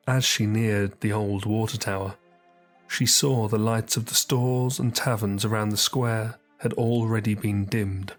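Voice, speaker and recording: A man reading an audiobook story as narrator, measured and descriptive. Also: lowish voice.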